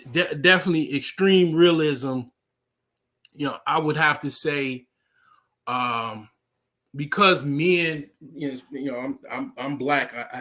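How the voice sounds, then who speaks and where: A slow-talking American man in a loose, rambling monologue. He leans on a steady stream of fillers and swears freely, and his voice sits at an ordinary middle pitch. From United States. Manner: rambling, heavy fillers, profane. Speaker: vlogger. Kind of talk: casual monologue.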